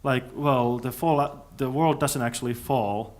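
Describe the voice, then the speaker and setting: Fielding questions from a conference audience in a hall, this man speaks in a steady, mid-range voice. He comes across as thoughtful but hesitant, often starting his sentences over as he figures out his answers.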